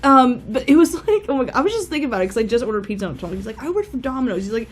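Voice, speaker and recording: A woman's voice: fairly high pitch, expressive, racing, a little hiss or hum. A woman co-hosting a podcast in casual chat, giggly and full of "like". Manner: giggly, peppers speech with "like". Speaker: podcast co-host.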